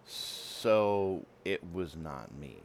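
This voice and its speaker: A man's voice: sits low, expressive, extremely slow, a little hiss or hum. A man hosting a radio program, telling a long story in a rambling, self-interrupting way. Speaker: radio program host and writer. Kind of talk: casual storytelling monologue.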